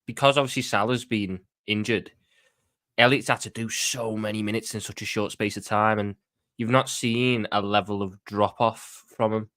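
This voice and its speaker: A man's voice: lowish voice, steady tone, a bit bright, no room sound, clean studio sound. Scouse man talking football. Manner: earnest, quick, stumbling restarts. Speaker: football pundit guest. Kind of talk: casual fan debate.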